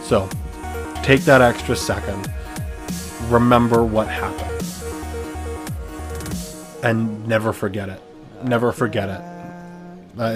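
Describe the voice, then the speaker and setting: A young man from Canada rants on his solo podcast, blunt and profane, stumbling over his words and restarting lines as he goes. His voice sits at an ordinary middle pitch, with faint music under him. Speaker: podcast host.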